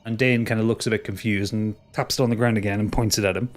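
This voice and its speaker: A man narrating a tabletop game as game master, casual and halting, with frequent restarts. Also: on the low side, steady tone, faint music behind.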